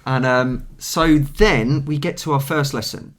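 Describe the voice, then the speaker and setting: A man's voice: mid-range voice, unhurried. A young man with a southern English accent, co-hosting a casual podcast chat and telling stories with acted-out quotes. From England. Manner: animated storyteller who acts out quotes. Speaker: podcast co-host.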